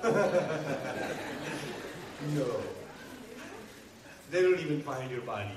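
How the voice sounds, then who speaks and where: High-voiced male preacher in a booming hall. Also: extremely slow, heavy background noise. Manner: animated, rhetorical questions, addresses the audience directly. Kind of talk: sermon to a live audience. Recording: very echoey hall, mic far off, faint ambience.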